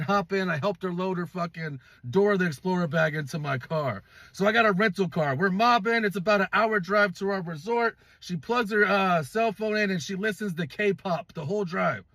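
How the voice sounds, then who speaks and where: A man's voice: high-pitched, brisk, hardly any pauses, bright, forceful tone, dry recording. A man from California telling a dating story in a casual storytime vlog, blunt and profane, asking viewers to judge him.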